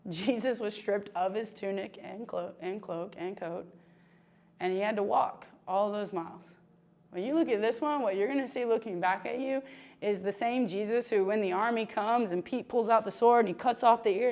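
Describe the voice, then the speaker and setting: A woman with a medium-pitched voice preaches a conversational sermon. She's chatty and animated, full of fillers and asides to the congregation.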